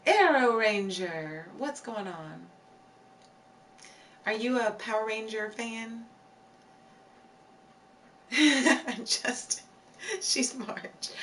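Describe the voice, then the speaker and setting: A woman's voice: mid-range voice, fairly bright tone, far from the mic, a little hiss or hum. A woman hosting a live stream, chatting casually with viewers in a playful, giggly way, reading their comments aloud and repeating phrases for emphasis.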